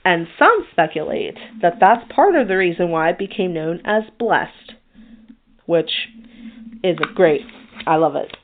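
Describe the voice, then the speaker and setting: A woman's voice: lowish voice, animated, unhurried, a little hiss or hum. A woman hosting a podcast in casual chat, reading from her notes. She is chatty and self-deprecating and stumbles over hard names. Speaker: podcast host. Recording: tinny phone-like sound.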